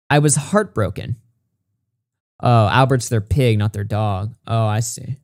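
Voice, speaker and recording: A man reading a written statement aloud in a measured way, with occasional stumbles and brief asides. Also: medium pitch, fairly even intonation, dry recording, clean studio sound. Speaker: commentary YouTuber.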